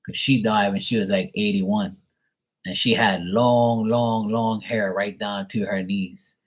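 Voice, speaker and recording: A man telling a rambling family story casually, crude and full of filler words. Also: sits low. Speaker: tarot reader.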